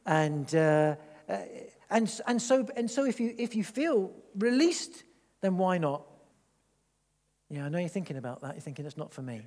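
A man's voice: high-pitched, normal speed. Man preaching in an echoey hall. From England. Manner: animated, rambling, with many restarts. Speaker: pastor. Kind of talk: sermon. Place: church hall.

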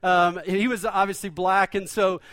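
A man's voice: sits high, little pitch movement, moderate pace, a bit bright, clear, resonant tone, no room sound. A male pastor preaching a sermon in a conversational, joking storytelling manner.

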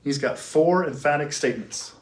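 A man giving a classroom theology lecture. He asks questions, answers them himself, and slows down to stress key words. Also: a little high. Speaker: teacher. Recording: echoey room.

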